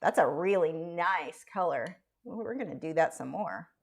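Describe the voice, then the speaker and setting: A woman's voice: lowish voice, lively intonation, moderate pace, slightly rough. A woman artist chatting casually on a live stream while she draws, rambling and self-deprecating.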